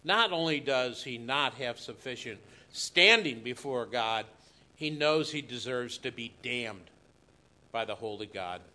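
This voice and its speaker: A man preaching a sermon in a church, slow and emphatic, swinging between loud declarations and hushed asides. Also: medium pitch, expressive. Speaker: pastor.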